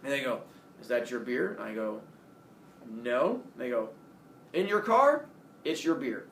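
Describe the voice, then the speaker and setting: A man's voice: medium pitch, normal speed, a little hiss or hum. A man casually telling a personal story, acting out the voices of the people in it. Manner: animated storytelling, acts out quoted voices. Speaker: storyteller host. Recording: roomy echo, distant from the mic, faint ambience.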